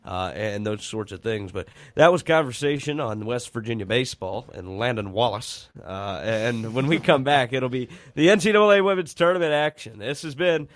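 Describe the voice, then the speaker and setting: A male sports radio host chats casually in the studio, trailing off and restarting as he jokes with his crew. His voice sits at an ordinary pitch. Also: animated, moderate pace, few pauses, dry recording. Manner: rambling, joking, many restarts.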